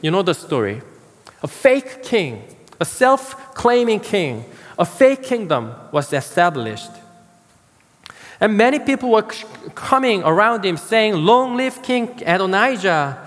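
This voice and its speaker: A man preaching a sermon as pastor, slow and emphatic, pausing to stress key words. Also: high-pitched, sing-song, long reverb tail.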